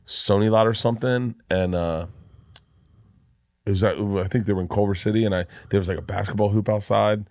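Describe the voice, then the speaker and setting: Middle-aged comic guy rambling thru a story, lotta restarts, lowish voice, dry close mic. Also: steady tone, fairly quick, a little mellow, no room sound. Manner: rambling, self-deprecating, restarts a lot. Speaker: comedian guest. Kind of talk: casual podcast storytelling.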